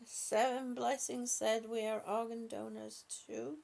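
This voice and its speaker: A woman hosting a live stream, speaking softly and affectionately to her viewers with halting, repeated words. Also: a little high, level tone, vocal fry. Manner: soft, affectionate, calls viewers honey and sweetie. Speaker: livestream host reading viewer comments. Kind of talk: slow casual live chat.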